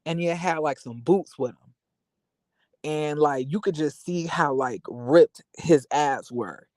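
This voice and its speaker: A young man vlogs a casual venting monologue, rambling candidly through a personal story with lots of fillers. His voice is a little high and a little mellow, he speaks slowly, and there is no echo.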